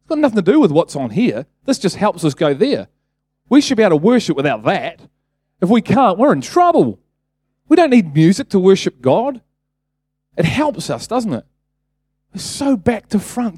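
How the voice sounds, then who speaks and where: A man's voice: sits high, very animated, moderate pace, pauses often, a little mellow, breathy edge, no echo, clean studio sound. A man preaching a casual sermon, talking conversationally, then building to emphatic bursts and asking the congregation rhetorical questions.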